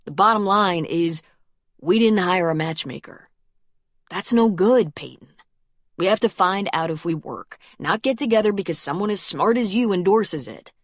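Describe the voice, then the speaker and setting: A blunt, stubborn man stands his ground in a storybook scene, low and plain-spoken, as a woman narrator reads his part. The sound is dry and close, with no room around it. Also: expressive, normal speed, no room sound. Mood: earnest. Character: earnest stubborn grown man, defending his new love. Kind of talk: audiobook character reading.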